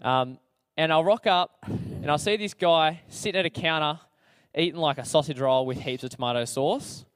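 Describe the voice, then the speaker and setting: A man's voice: a little high, normal speed, hardly any pauses, a bit bright, clear, resonant tone, no echo, studio quality. A young Australian man telling his own story to an audience in a chatty, slangy, self-deprecating way, with lots of fillers. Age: young adult. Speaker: speaker sharing his testimony.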